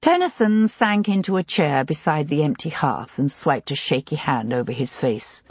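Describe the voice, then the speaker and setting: An audiobook narrator reading a period novel in an even, measured way. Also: medium pitch, slightly rough, no echo. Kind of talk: scripted narration.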